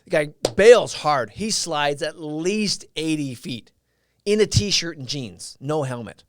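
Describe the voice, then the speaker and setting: A man's voice: on the high side, expressive, slow pace, a bit bright, no echo. Rambling man storytelling on a livestream. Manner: rambling storyteller with many fillers and restarts. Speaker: live stream host. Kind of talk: casual livestream talk.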